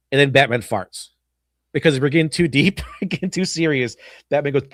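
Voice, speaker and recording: A man's voice: mid-range voice, steady tone, a little fast, fairly bright tone, no echo, clean studio sound. A man chatting casually as a podcast host, rambling with frequent restarts and laughter. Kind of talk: casual chat.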